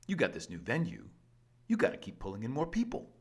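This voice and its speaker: A man presenting an energetic scripted explainer with a lively, playful and emphatic delivery. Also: on the low side, fairly quick, slightly rough. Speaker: educational presenter.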